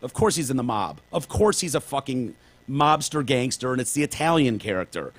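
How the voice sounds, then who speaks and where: A man's voice: mid-range voice, animated, brisk, a bit bright. A man co-hosting a casual podcast, rambling through examples and swearing casually. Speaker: podcast co-host.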